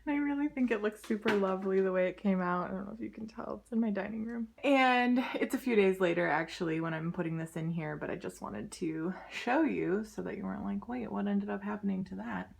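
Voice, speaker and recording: A young pregnant woman chatting casually in a home vlog, full of "like" fillers and sometimes dropping to a soft whisper. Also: medium pitch, a little fast, vocal fry, hardly any pauses, husky. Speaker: vlogger. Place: her home.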